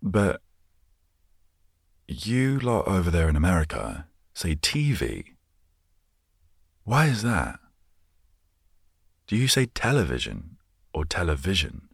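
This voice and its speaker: A host with a remarkably low, gravelly, husky voice speaks softly and slowly, pausing often as he drifts from one thought to the next. His easygoing chat is meant to help listeners unwind, recorded dry and close with no echo.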